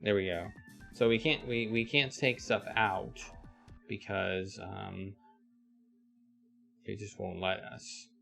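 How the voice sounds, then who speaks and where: A man's voice: on the low side, steady tone, slow, gravelly, long pauses, bright, forceful tone. A man streaming a live text adventure, thinking aloud, reading the game text and greeting his chat. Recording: faint music behind.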